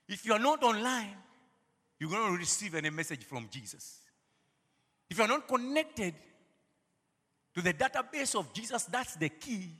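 A man preaching a sermon, saying "you know" often, laughing between phrases and rising to shouted calls at his peaks. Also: sits high, big pitch swings, moderate pace, long pauses, husky. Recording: long hall reverb.

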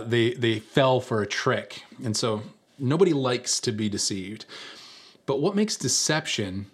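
A man preaching a sermon in a conversational storytelling way, full of fillers, who repeats key lines for emphasis. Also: medium pitch. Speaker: pastor.

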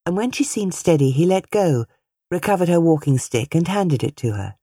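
A woman reading a novel aloud, measured and expressive. Her tune moves with plenty of life. The studio sound is close and dry. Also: deep voice, breathy edge, no room sound. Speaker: audiobook narrator. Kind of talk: scripted narration of a novel.

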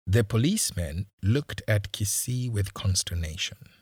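A man reading a story aloud with measured, dramatic narration and a husky voice. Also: fairly low pitch, lively intonation, darkish tone, no room sound, studio quality. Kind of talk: audiobook narration.

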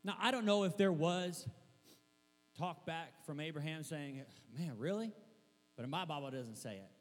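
A young adult man preaching a sermon, telling stories with animated energy, shouting at times and laughing. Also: a little high, normal speed. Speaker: pastor. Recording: long hall reverb with mains hum.

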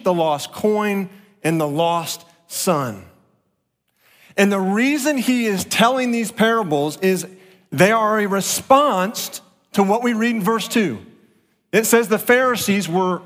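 A man's voice: high-pitched, a bit bright, long reverb tail. A man preaching a sermon as pastor, telling stories earnestly and repeating phrases for emphasis.

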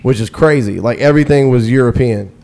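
A man's voice: medium pitch, a little fast, warm tone. Easygoing man telling a long story. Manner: rambling, restarts often, laughs easily. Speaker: guest DJ. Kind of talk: casual interview storytelling.

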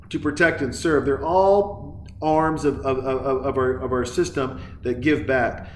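A man's voice: mid-range voice, normal speed. Guy ranting thru a movie recap, swears a lot, gets worked up, kinda echoey room w a little hum. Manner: profane, excitable, digressive. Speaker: movie reviewer. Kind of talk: rambling comedic movie recap.

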